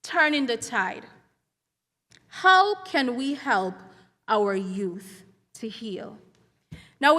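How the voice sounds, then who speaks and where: A middle-aged woman, a school counselor giving an earnest, measured symposium speech. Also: on the high side, a bit bright. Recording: reverberant hall sound.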